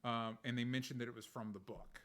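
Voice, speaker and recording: A man talks quickly and eagerly while co-hosting a casual TV review. He stumbles through restarts and keeps throwing in "yeah" and "like". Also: mid-range voice, steady tone, a bit bright. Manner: enthusiastic, many "yeah"s and restarts. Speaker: co-host of a TV review show.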